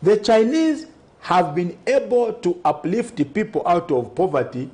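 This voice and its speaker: Emphatic man with lively intonation. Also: high voice, unhurried. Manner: emphatic, argues point by point and keeps asking "Okay?". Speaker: political party president. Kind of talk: TV interview answers.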